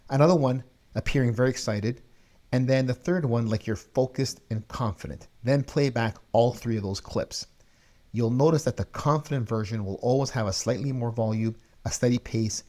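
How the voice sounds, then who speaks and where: Man, energetic instructional host, emphatic, punchy key words, mid-range voice. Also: medium pitch. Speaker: video coaching host.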